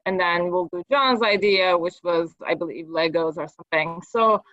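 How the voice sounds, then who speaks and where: A woman's voice: lowish voice, normal speed, fairly bright tone, dry recording. Mom telling her coach how it went, lots of um and like, dry muffled audio. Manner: hesitant, many fillers and restarts. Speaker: parent. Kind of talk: casual account in a parent coaching session.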